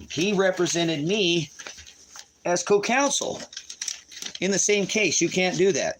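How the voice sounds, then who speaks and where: A man's voice: a little high, fairly bright tone, a little hiss or hum. A man angrily ranting on his livestream while reading court papers aloud, swearing and repeating himself. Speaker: livestream host. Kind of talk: agitated livestream rant.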